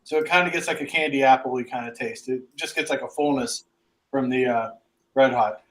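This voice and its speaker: A man's voice: medium pitch, a little fast. Podcast co-host, man with Pittsburgh accent, loose rambling jokey delivery. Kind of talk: casual chat.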